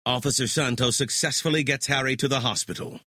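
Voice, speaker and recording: A man narrating a true-crime podcast from a script, dropping low on ominous phrases. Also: fairly even intonation, fairly quick, pushed and bright, dry recording, clean studio sound. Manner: dramatic, with deep drops on ominous phrases. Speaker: narrator and host.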